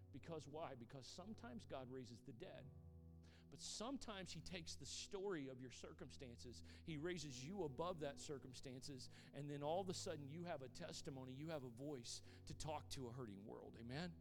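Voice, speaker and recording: A traveling pastor telling a story in a sermon to a congregation, animated and prone to stammering repeats when excited. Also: male voice, on the high side. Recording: long hall reverb, faint music.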